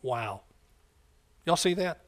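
A man's voice: fairly high pitch, animated, slow. A man preaching a sermon in a conversational way, often repeating phrases and asking the congregation questions.

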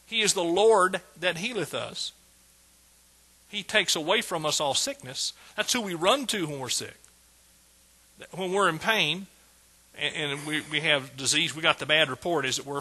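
A man preaching a sermon, emphatic, with sudden loud bursts and casual asides to the congregation. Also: a little high, husky, rough recording.

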